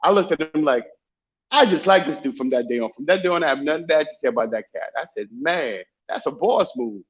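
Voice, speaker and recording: Brief: male podcast guest, animated storyteller, somewhat high voice, muffled lo-fi sound. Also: quick pace. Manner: animated, many repeats and restarts. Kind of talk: casual storytelling.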